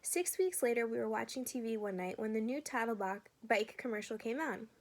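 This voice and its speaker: A woman reads a children's chapter book aloud, the way a teacher shares a story with a class. Her narration is steady and clear, and her voice sits a bit high. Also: brisk.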